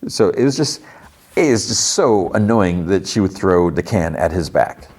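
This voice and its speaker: A man's voice: sits low, expressive, moderate pace, darkish tone. A man hosting a podcast, casually retelling an episode in a rambling way, full of fillers. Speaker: podcast host.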